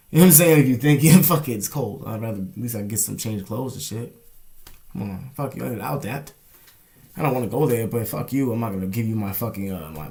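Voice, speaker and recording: A man's voice: lowish voice, vocal fry, mellow. A young man telling a rambling, profane story in a casual vlog, often asking "you know what I'm saying". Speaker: vlogger.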